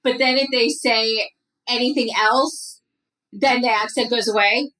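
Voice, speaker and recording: A woman as a podcast guest in casual chat, joking and animated as she tells stories. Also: a little high, a little slow, recorded from a distance, low-quality recording.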